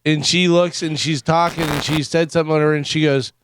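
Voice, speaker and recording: A man co-hosting a morning radio show, telling a lively anecdote in casual chat from the studio. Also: a little high, fairly quick, slight background noise. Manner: animated anecdote teller with laughs and quoted voices. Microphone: studio microphone.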